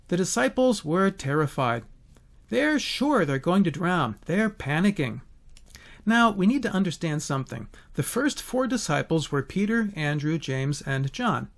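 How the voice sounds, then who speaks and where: Lively man teaching a Bible story. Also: on the high side. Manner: expressive storytelling with rhetorical questions.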